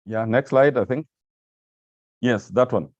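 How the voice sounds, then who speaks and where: A man's voice: mid-range voice, unhurried, darkish tone, no echo, dull audio. A man giving a presentation with slides to staff of agencies, speaking hesitantly with many repeated words and fillers. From Kenya.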